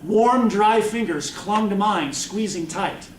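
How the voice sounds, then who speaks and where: Author reading his novel at a convention, high for a man, echoey room. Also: slow, slight background noise. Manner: expressive first-person narration. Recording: echoey room, mic from far off.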